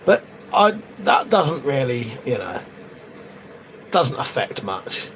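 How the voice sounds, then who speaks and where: A man's voice: medium pitch, big pitch swings, slow pace, a bit bright, a little hiss or hum. A man hosting a casual live stream from his shed, rambling and swearing offhandedly as he chats to viewers. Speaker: livestream host. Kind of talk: casual live-stream chat while crafting. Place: shed, outdoors.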